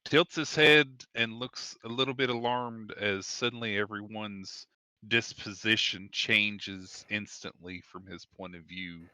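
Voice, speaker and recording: Guy running a tabletop game, slow measured narration, kinda bright voice. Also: lowish voice, fairly even intonation, smooth, dry recording. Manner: measured, descriptive. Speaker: game master.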